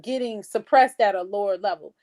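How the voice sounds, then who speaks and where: A woman's voice: medium pitch, a little fast, a little mellow. A woman co-hosting a casual podcast chat, blunt and swearing freely. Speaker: podcast co-host.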